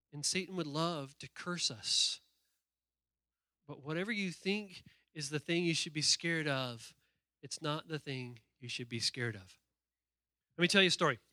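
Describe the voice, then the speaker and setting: A man preaching a sermon, an animated, joking storyteller. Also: on the high side, measured pace, long pauses, no echo, clean studio sound. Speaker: pastor.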